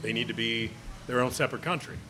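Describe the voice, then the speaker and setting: A man co-hosting a casual pub chat, thinking aloud with frequent pauses and restarts. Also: mid-range voice, background noise. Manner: hesitant, thinking aloud with many ums and restarts. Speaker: podcast co-host.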